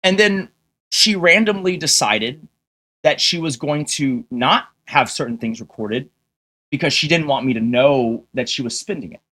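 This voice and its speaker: A man's voice: mid-range voice, expressive, a little slow, sharp tone. A man ranting to his livestream viewers, swearing heavily and firing rhetorical questions at them in an exasperated, combative way. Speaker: streamer.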